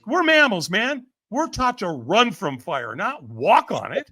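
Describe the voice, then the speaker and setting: A man's voice: sits high, big pitch swings, measured pace, bright, forceful tone, husky. A man guest on a podcast telling a story with lots of energy. He acts out the people he quotes, laughs often and keeps saying "man" and "right?". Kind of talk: animated storytelling.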